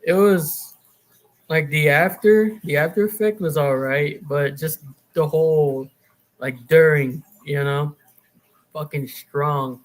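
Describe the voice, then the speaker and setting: A man's voice: on the high side, slow pace. A man co-hosting a podcast, reminiscing in a laid-back, profane casual chat. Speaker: podcast co-host.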